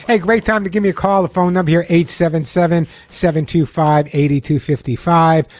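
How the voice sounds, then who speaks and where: A man's voice: fairly high pitch, fairly even intonation, fairly quick, a little mellow, slight background noise. A man from Long Island hosting a call-in pet radio show, chatty and jokey, often repeating the phone number. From Long Island, New York. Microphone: studio microphone.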